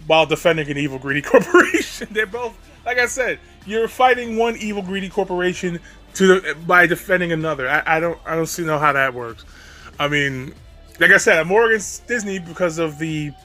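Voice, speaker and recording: A man's voice: fairly high pitch, bright, forceful tone. A man giving ranting video commentary, exasperated and profane, breaking into laughs between points.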